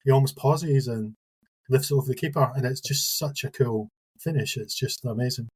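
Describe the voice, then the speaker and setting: A man's voice: mid-range voice, normal speed, a little mellow, breathy edge, low-quality recording. A man on a football podcast, casually reminiscing and agreeing with the others. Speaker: podcast co-host.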